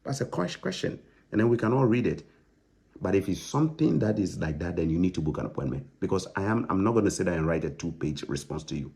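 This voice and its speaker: A man's voice: sits low, expressive, quick pace, vocal fry, a little mellow, husky. A man on a live stream, answering viewer comments in a stern, emphatic, lecturing way with lots of repetition. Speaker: online content creator answering viewers.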